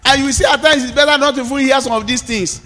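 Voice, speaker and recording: A Nigerian man preaching as a pastor, moving between shouted declarations and quieter storytelling. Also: very high voice, steady tone, fast talker, big-room sound, soft background music. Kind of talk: sermon.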